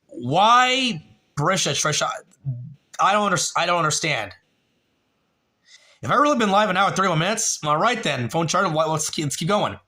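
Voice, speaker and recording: Man, young adult, livestream host, casual storytelling, profane, rambling, a little buzzed, slightly high voice. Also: animated, brisk, pauses often, sharp tone. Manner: profane, rambling, with many fillers. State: a little tipsy.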